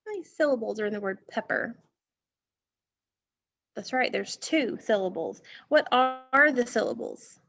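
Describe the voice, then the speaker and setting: A woman's voice: on the high side, measured pace, creaky, pauses often, fairly bright tone. A woman teacher giving an online phonics lesson from a school music room, patiently repeating words and asking questions.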